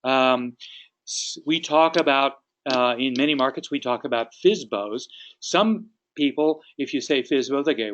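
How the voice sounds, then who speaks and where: A man teaches a sales training session, explaining each point and acting out sample calls. His voice sits at a middle pitch. The recording is dull and lo-fi. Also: normal speed. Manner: instructive, acts out sample phone calls. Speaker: real estate sales trainer. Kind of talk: training talk.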